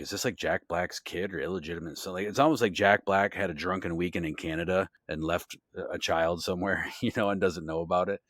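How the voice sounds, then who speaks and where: A man's voice: sits low, fairly bright tone, dry recording, clean studio sound. A man co-hosting a casual podcast, talking enthusiastically, swearing freely and rambling through asides. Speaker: podcast co-host.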